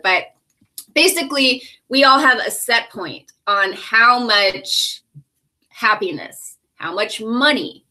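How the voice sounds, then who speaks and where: A woman from California talking casually to camera in a vlog, candid and quick to laugh, often correcting herself as she goes. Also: mid-range voice, sharp tone. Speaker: vlogger and podcast host.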